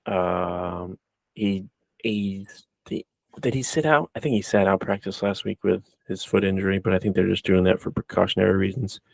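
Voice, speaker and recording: A man's voice: sits low, fairly even intonation, moderate pace, creaky, a little mellow, dry recording. A man co-hosting a casual sports podcast, loose and joking, talking with plenty of fillers. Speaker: podcast co-host.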